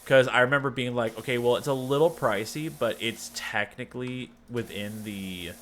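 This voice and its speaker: A man's voice: mid-range voice, fairly even intonation, normal speed, a bit bright, a little hiss or hum. A man, telling a rambling personal story on a livestream, wry and full of restarts. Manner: rambling, self-interrupting, wry. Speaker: streamer. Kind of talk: casual storytelling chat.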